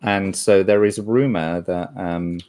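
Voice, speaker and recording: A man's voice: deep voice, steady tone, unhurried, a little mellow. A man hosting a casual podcast chat, joking, swearing and rambling loosely. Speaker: podcast host.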